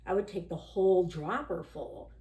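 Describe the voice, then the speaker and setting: A woman's voice: lowish voice, moderate pace, a little mellow. A woman guest on a podcast interview telling her own story in a candid, rambling way, full of "you know" and "like," and often acting out the voices of people she quotes. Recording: roomy echo.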